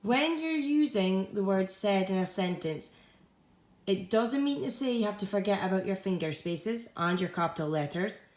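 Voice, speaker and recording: A young woman teacher with a Scottish accent, giving a recorded home-learning lesson to young pupils in a bright, encouraging way. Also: medium pitch, expressive, normal speed. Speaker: primary school teacher.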